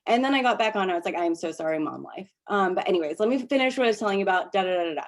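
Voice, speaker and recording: A woman's voice: mid-range voice, very fast. Chatty woman coaching on a call. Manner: chatty, laughing, many restarts. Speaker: workshop presenter. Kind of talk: casual coaching talk.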